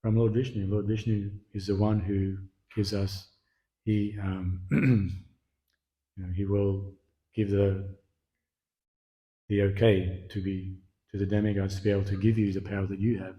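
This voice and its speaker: A man voicing a calm, devoted young boy who answers softly. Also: lowish voice, unhurried, long pauses, lo-fi sound, close to an everyday voice. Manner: calm, soft-spoken.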